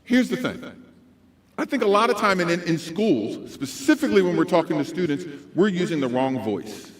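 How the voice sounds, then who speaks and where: A man giving a motivational talk to educators at a school conference, animated and swinging between loud and soft. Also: sits high, normal speed. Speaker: conference speaker.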